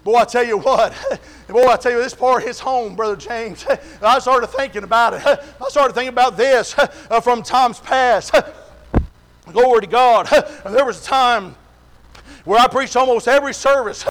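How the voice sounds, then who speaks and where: A man preaching a sermon in a chanted rhythm, with a sharp gasp after each phrase and many "uh" fillers. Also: very high voice, unhurried, slight background noise. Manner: frequent "uh" fillers and refrains of "glory to God".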